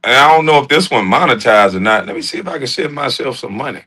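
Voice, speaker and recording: Lively, profane man on a livestream. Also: medium pitch, fast talker, breathy edge. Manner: loose, profane, joking and laughing. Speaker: livestream host. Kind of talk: casual livestream chat.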